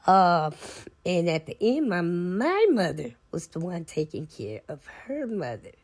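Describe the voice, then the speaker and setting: A woman tells family stories straight to her camera, slow and unhurried. Her voice is husky and sits a little low, with a folksy, heartfelt warmth in how she talks. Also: very animated. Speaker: vlogger and author. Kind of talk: casual storytelling to camera.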